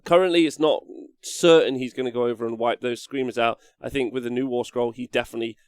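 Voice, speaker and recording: Male commentator, relaxed and chatty, dry studio sound. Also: mid-range voice, fast talker, smooth, no echo. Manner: casual, chatty, many fillers. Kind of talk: live tabletop game commentary.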